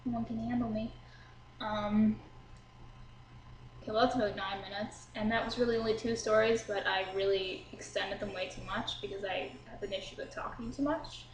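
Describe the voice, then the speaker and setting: A woman's voice: medium pitch, fairly even intonation, moderate pace, reverberant, a little hiss or hum, rough recording. A young woman casually telling a drunk story to her viewers, chatty and swearing freely, laughing at herself. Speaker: vlogger.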